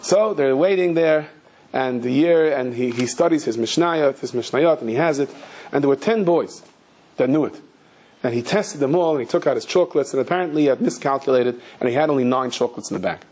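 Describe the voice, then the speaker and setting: A man giving a sermon, telling stories with lively acted-out dialogue and sudden shouts in the quoted lines. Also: mid-range voice, a little fast, slightly rough. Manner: animated storyteller acting out voices, shouting in quotes. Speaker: rabbi giving a talk. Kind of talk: storytelling sermon.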